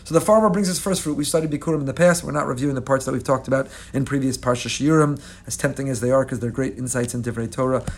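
A man teaching a weekly Torah class in an animated, expressive way. He chants Hebrew verses, translates them, and adds humorous asides to his listeners. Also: mid-range voice, quick pace, hardly any pauses. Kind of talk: lively Torah lecture.

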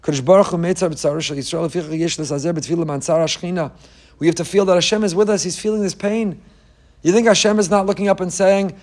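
A middle-aged rabbi giving a Torah class preaches fervently in a somewhat high, darkish voice at a fast pace. He keeps posing rhetorical questions and weaves in Hebrew quotations as he urges his listeners on.

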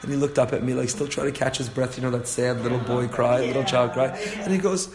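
This medium-pitched man talks fast over a background crowd. A father of a four-year-old, young adult to middle-aged, he runs a Torah class: reading and translating passages, explaining them earnestly, repeating phrases often, and chuckling at his own tales.

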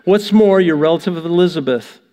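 A man's voice: fairly high pitch, brisk, dark tone, long reverb tail. A man preaching a sermon, reading scripture aloud and then riffing on it in a conversational, joking way. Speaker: pastor.

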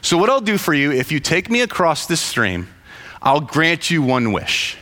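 A man voicing a smooth-talking magic king cobra who pleads and coaxes, in a storytelling voice with long reverb. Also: on the high side, sing-song, normal speed, pushed and bright. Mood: coaxing. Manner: pleading, coaxing.

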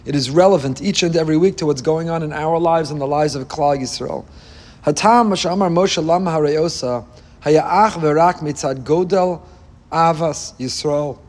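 Rabbi, male, high-pitched, preaching with passion and repeated phrases. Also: fast, darkish tone. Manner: impassioned, repetitive rhetorical cadence. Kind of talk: Torah sermon on the weekly portion.

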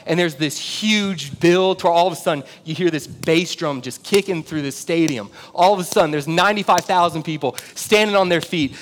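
Animated pastor preaching in a big hall. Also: male voice, a little fast. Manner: animated storytelling, builds to shouts then drops low and intimate. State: out of breath. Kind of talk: sermon. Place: church auditorium. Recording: long hall reverb, faint rumble.

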